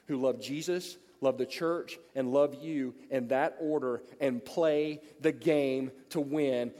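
A man preaching a sermon to pastors, blunt and animated, telling stories to make his point. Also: medium pitch. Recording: long reverb of a large hall.

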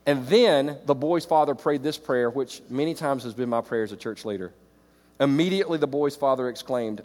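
A middle-aged man preaches to church leaders in an animated way, jumping from loud exclamations to quiet, reflective passages. His voice sits a little high for a man. The sound carries a long reverb, as in a large auditorium. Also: fast. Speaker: pastor. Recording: reverberant hall.

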